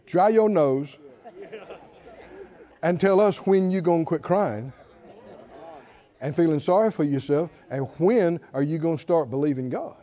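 A man preaching a sermon, swinging between loud, animated calls and hushed asides. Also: a little high, unhurried, long pauses, lo-fi sound, a faint crowd. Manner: animated preaching, mimics whiny voices and swings from shouting to hushed.

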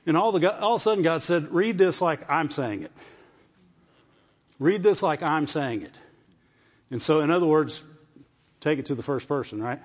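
A man gives a sermon at normal speed in a fairly high, expressive voice, pausing often. He uses call-and-response asides and repeated phrases to drive his point home. His voice echoes with long reverb in a large hall, and the sound is muffled and dull.

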